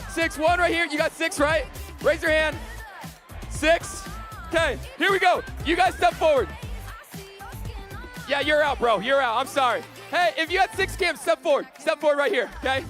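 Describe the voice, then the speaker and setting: A man hosting a camp game on stage, shouting energetically to a crowd, his voice getting strained. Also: extremely high pitch. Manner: energetic, loud, calling out to a crowd. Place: large camp event hall.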